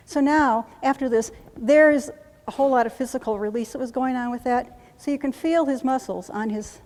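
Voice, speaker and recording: A woman trainer demonstrating a trauma-relief technique, calmly repeating soothing reassurances in a steady chant. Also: fairly high pitch, moderate pace. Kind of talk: instructional demonstration. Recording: long reverb.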